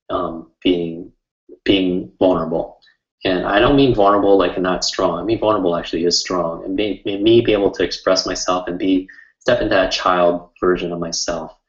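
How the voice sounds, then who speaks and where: A man with a very deep, low voice tells a personal story to an online audience in an earnest, heartfelt way, with frequent fillers as he rambles. His voice sits in a roomy space that reflects around it. The sound is slightly dull and muffled. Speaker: memory coach hosting a webinar.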